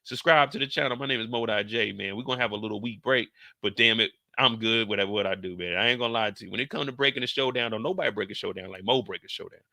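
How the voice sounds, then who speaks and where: A man giving energetic, slangy recap commentary on a TV episode. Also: lowish voice, fast, gravelly, hardly any pauses, no echo, studio quality. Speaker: show recap host.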